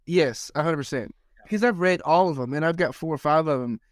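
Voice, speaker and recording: A man in a casual group podcast on a video call, quick to agree and to tease the others. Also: a little high, no echo, studio quality. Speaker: podcast co-host.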